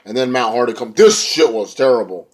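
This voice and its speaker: A man's voice: medium pitch, expressive, fairly quick, a little mellow, slightly rough. A young man casually recapping a wrestling show, rambling in slang and now and then mimicking the wrestlers. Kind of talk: casual recap, retelling a show with quoted voices.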